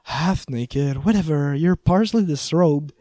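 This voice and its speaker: A man's voice: on the high side, measured pace, dark tone, no echo, lightly acted. A man reading an audiobook, voicing a flustered young woman who talks in an exasperated, raised voice.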